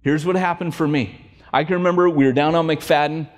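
A man preaching a sermon, telling a story in an animated way and joking with his congregation. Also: a little high, brisk. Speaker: pastor. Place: church sanctuary. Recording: long church hall reverb.

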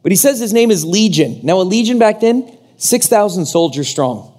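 A male pastor preaching a sermon in an animated way, acting out the voices he quotes. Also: high voice, normal speed.

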